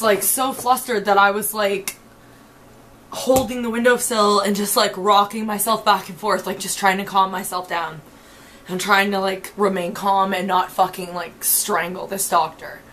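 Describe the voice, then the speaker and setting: A woman's voice: fairly high pitch, fairly bright tone, slight background noise. A woman telling her story in a personal video diary. She talks bluntly and swears often, with a lot of feeling. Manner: blunt, profane, emotionally intense storytelling. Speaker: video diarist.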